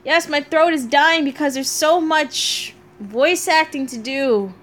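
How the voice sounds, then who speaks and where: Young woman streamer, high-pitched, giggles a lot, soft music in background. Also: slow. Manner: giggly, chatty, self-mocking. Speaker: gaming channel host. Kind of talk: casual let's play commentary and dialogue reading.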